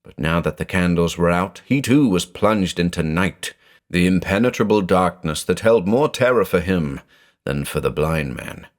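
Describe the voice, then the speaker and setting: Male horror narrator, deep voice, animated delivery. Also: normal speed. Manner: dramatic, expressive storytelling.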